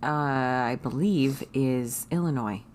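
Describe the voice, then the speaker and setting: A woman's voice: extremely low pitch, slow, a little mellow. A woman co-hosting a book club podcast, chatting casually and reassuring her friend. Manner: supportive, reassuring. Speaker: podcast co-host. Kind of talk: casual chat.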